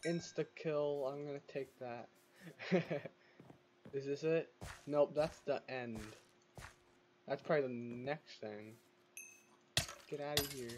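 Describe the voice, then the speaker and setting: A man's voice: a little high, steady tone, slow, long pauses, a little mellow, a little hiss or hum. A man giving casual gameplay commentary, chatty, talking back to the game's creatures and laughing now and then. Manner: chatty, talks to the game's mobs, exclaims and laughs.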